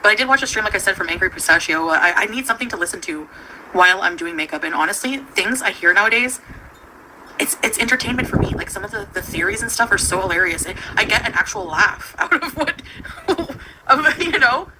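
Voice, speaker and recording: A woman's voice: medium pitch, lively intonation, a little fast. Rambling giggly woman on a noisy stream. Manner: chatty, giggly, trails off mid-sentence. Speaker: livestream host. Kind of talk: casual rambling chat.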